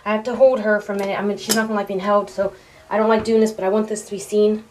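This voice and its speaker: A woman filming her sick pet bird at home on a handheld camera, close to tears, talking in a halting, tender way with sighs and restarts. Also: medium pitch, little pitch movement, noisy background. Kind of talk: emotional home video complaint.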